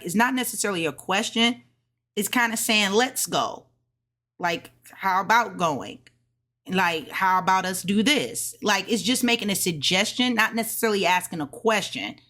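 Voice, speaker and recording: A woman reviewing her own language lessons out loud, slowly repeating syllables and explaining them casually with lots of "like" and "okay.". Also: mid-range voice. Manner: slow and deliberate, repeating syllables to drill them.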